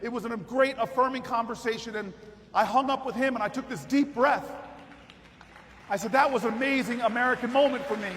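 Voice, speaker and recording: Very high-voiced man telling a rally story. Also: fairly quick, slight background noise. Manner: vivid storytelling that builds to shouted rallying cries. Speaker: politician giving a convention speech. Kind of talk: rally speech with dramatic storytelling. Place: large convention hall. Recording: long hall reverb, faint crowd ambience.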